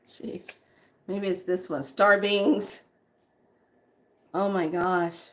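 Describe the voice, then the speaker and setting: A woman hosting a spiritual vlog, reading names aloud slowly with breathy exclamations and sudden whoops while she says she is overheated and sweating. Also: lowish voice, steady tone, a bit bright. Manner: slow, breathy exclamations, bursts of whooping and laughter. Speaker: spiritual vlogger.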